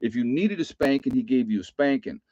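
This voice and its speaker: A man's voice: medium pitch, animated, brisk, warm tone, no room sound, highs cut off. A middle-aged man telling a personal story to his viewers in a loose, rambling way, often restarting his sentences. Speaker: vlogger. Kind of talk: casual storytelling to camera.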